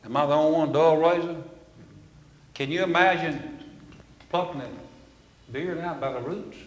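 Folksy preacher in an echoey hall. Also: male voice, fairly high pitch, normal speed. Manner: folksy, storytelling, swings from loud to hushed. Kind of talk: sermon. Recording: echoey hall with long reverb.

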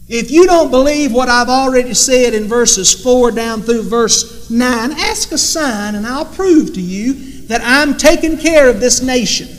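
Male preacher, high-pitched, emphatic, rhetorical; reverberant sanctuary. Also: a little slow. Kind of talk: sermon. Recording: long reverb in a hall.

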